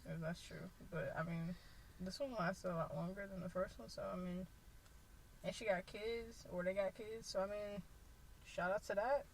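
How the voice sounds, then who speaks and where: A young woman co-hosting a podcast, chatting casually and animatedly, swearing freely and acting out quotes in a loud voice. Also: medium pitch, steady tone, moderate pace, a little hiss or hum, low-quality recording. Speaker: podcast co-host. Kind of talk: casual chat.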